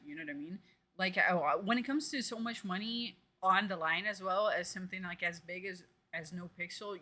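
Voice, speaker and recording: A woman streamer reacting live, ranting bluntly and profanely with lots of fillers. Her voice is bright and forceful. She pushes her points with emphatic outrage. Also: mid-range voice.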